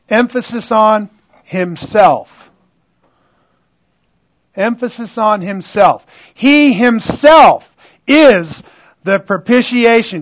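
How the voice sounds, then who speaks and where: A man's voice: high voice, lo-fi sound. A man preaching a sermon as pastor, emphatic, often asking his listeners if they are with him. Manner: call-and-response, asks "are you with me?"; emphatic, swings between loud stresses and quiet asides.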